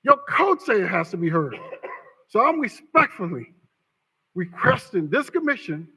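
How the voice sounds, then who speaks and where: A man speaking as an attorney during public comment at a city council meeting, arguing forcefully and repeating his points for emphasis. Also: high-pitched, sing-song, moderate pace, gravelly, breathy edge. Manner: forceful, emphatic argument with repetition. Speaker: attorney for a bidder. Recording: council chamber with long reverb.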